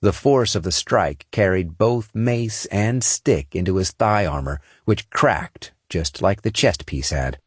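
Male audiobook narrator, very low voice, dry booth sound, steady dramatic read. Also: slightly rough, no room sound. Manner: steady, dramatic action reading.

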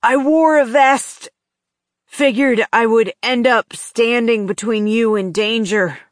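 A woman reading an audiobook, voicing a calm, protective male former agent in a steady, matter-of-fact way. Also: a little high, slow pace, no echo, studio quality, pitched above the performer's own voice.

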